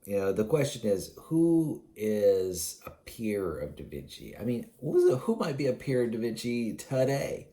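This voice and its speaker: A man's voice: on the low side, huge pitch swings, a little slow, few pauses, dark tone. A man rambling in a solo vlog monologue, musing aloud with many fillers and restarts, chuckling now and then, sleepy and yawning. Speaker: vlogger.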